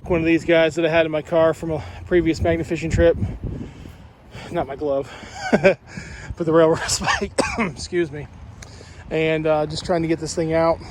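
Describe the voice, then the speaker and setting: Outdoor vlogger, male, excitable, chatty with viewers, slightly high voice; handheld mic, traffic noise behind. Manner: excitable, exclaims and talks to viewers as "you guys". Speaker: magnet fishing vlogger. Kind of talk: casual vlog talk to camera. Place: outdoors by flooded water in a park. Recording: outdoor noise with passing cars.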